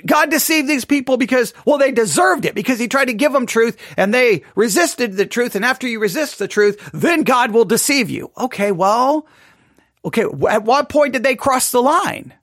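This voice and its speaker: A man's voice: extremely high pitch, expressive, normal speed, fairly bright tone, dry recording, studio quality. A man teaching a Bible study class, thinking aloud and asking many rhetorical questions.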